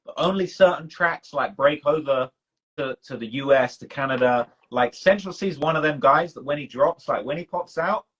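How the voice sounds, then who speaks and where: A man's voice: on the high side, normal speed, a bit bright, husky, poor audio. A man with a British accent, hosting a casual live-stream chat, talking in a loose, slangy way full of fillers and restarts. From United Kingdom. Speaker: documentary channel host.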